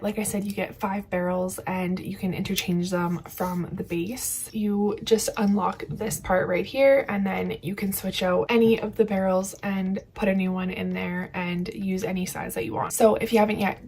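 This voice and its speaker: A woman's voice: mid-range voice, darkish tone. Chatty young woman vlogger. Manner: chatty, upbeat, demonstrating as she goes. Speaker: beauty vlogger. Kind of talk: casual hair tutorial.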